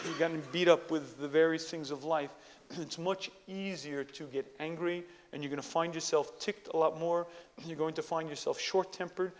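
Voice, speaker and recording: A man giving an emphatic religious lecture who often clears his throat. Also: a little high, big-room sound. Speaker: Torah lecturer.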